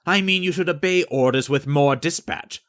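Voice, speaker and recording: A man reading an audiobook, voicing a fussy, easily flustered male naval commander in a higher, pompous voice. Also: normal speed, fairly bright tone, lightly acted. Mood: exasperated.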